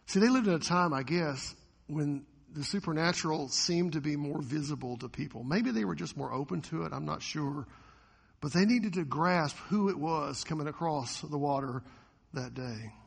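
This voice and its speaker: A man preaching a sermon as a pastor, animated, often acting out the voices of the people in the story. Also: fairly high pitch, normal speed, gravelly, slightly rough, in a large hall.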